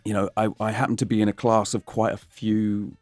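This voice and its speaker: A man's voice: lowish voice, brisk, no echo, faint music behind. A man from Essex, England, with an Essex English accent, an actor telling stories as a guest and slipping into voices. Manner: animated storyteller, slips into voices. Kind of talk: casual interview chat.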